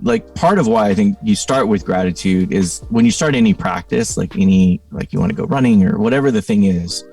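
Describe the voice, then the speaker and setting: A middle-aged man with a very low, gravelly voice shares his story as a podcast guest. His tone is dark and mellow, and he speaks thoughtfully, leaning on "you know" and "like." He sounds a little far from the mic, with faint music behind. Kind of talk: reflective conversational storytelling.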